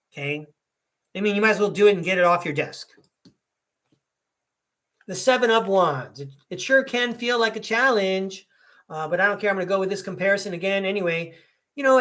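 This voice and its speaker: A man's voice: high voice, bright, forceful tone. An American man hosting a podcast, reading tarot cards live in a chatty, rambling, folksy way that is often broken by laughter. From United States. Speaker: podcast host and tarot reader.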